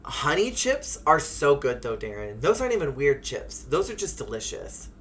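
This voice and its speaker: A streamer reading a story game aloud and chatting with viewers in an expressive, chatty way. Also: medium pitch, normal speed, slight background noise. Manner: expressive, chatty, reads aloud and answers chat. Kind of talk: let's-play game reading and chat.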